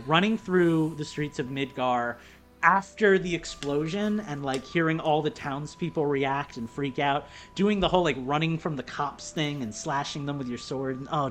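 A woman co-hosting a casual podcast, rambling and animated, with lots of fillers as she talks through a video game. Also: low-pitched. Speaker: podcast co-host. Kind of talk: casual chat about video games.

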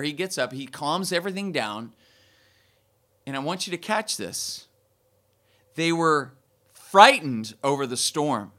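A man's voice: mid-range voice, pushed and bright. A man preaching a sermon to his church in a conversational way, often restarting phrases and building to emphatic peaks. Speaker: pastor.

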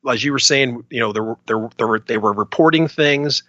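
A man's voice: medium pitch, brisk, sharp tone, no echo, dull audio. A man co-hosting a casual podcast, rambling and hedging with lots of filler phrases. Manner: rambling, hedging, many "you know"s. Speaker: podcast co-host. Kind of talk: casual chat.

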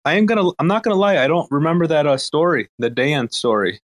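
Hesitant, slightly higher-voiced man. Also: quick pace. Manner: hesitant, stumbling restarts, laughs off teasing. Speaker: listener turned speaker. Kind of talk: casual chat on a live audio space.

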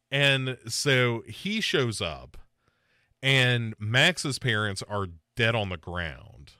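A man's voice: mid-range voice, animated, slow, bright, forceful tone, no room sound, clean studio sound. A man hosting a podcast, talking through a movie in a loose, rambling way with lots of fillers and restarts. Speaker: podcast host. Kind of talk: casual podcast movie discussion.

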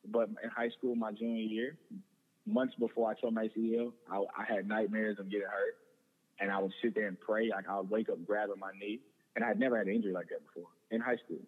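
Young male guest, earnest, stumbling restarts, low voice, phone-thin sound with long reverb. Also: phone-quality sound. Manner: earnest, repeats words and restarts often. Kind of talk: personal testimony in conversation.

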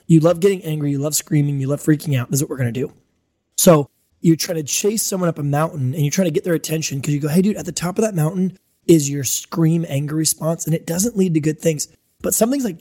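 A man preaching a sermon, telling animated everyday stories and acting out voices to make his point. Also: a little high.

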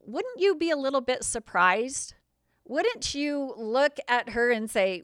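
A woman's voice: high voice, expressive, slow pace, fairly bright tone, no echo, studio quality. A middle-aged woman hosting her show, recounting events in an indignant, sarcastic way. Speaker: host. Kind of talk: personal account monologue.

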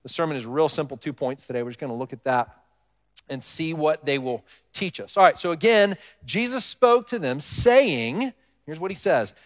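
A man's voice: fairly high pitch, expressive, a little fast. A male pastor delivering a sermon in a conversational way, often asking the congregation questions. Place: church hall with congregation. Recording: long reverb of a large hall.

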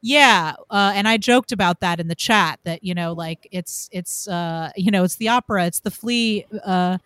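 A woman host with a lowish voice and a plain, dry sound, thinking aloud in a relaxed discussion. She circles back to her point and turns to her co-hosts. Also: moderate pace, clean tone, no room sound. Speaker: podcast host. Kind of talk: casual discussion.

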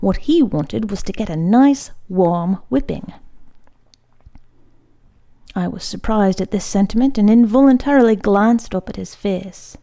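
A woman reading a literary short story aloud in a measured, unhurried way, sometimes dropping to a hushed near-whisper. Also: mid-range voice. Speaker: audiobook reader.

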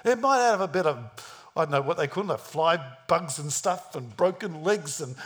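A man preaching a sermon and telling the story with drama, acting out each scene he describes. His voice sits high for a man and swings widely in pitch, full of life. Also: lively intonation, normal speed, fairly bright tone. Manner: dramatic, acts out the scenes, plays other voices.

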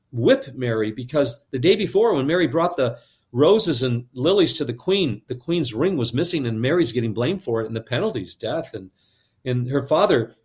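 Animated man retelling a story. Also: fairly high pitch. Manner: lively, repeats words, switches into character voices. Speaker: guest storyteller.

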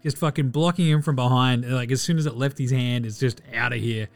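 A little fast and carrying some vocal fry, the Australian host's medium-pitched voice sits over soft background music. He runs a casual sports podcast, swearing freely, joking about player numbers, and mimicking players in asides.

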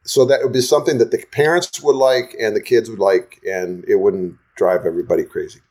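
An older man, a guest songwriter, telling stories in a chatty, animated interview style. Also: on the low side, fairly quick. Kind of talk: casual interview storytelling.

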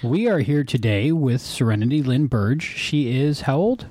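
A woman with a strikingly low voice hosts a casual home recording. She patiently encourages a toddler, repeating simple questions. The sound is dry and close. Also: expressive, moderate pace, warm tone, slightly rough, no echo. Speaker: podcast host.

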